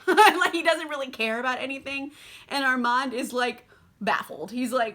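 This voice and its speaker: A woman's voice: high voice, normal speed, fairly bright tone. A young woman recapping a book in a chatty, casual vlog, swearing freely and using many fillers. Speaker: book vlogger.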